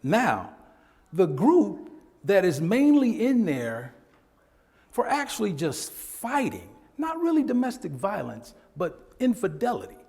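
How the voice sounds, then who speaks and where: Man presenting a workshop, animated and chatty, slightly high voice with a lively swing, echoey hall. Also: takes it slowly. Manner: animated, conversational, laughs often. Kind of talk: lecture with storytelling.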